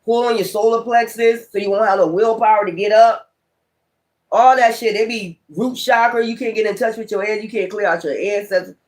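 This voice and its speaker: A man's voice: high voice, fairly even intonation, brisk. A man, a tarot reader, talking in a rambling, profane and emphatic way in a casual spiritual vlog monologue.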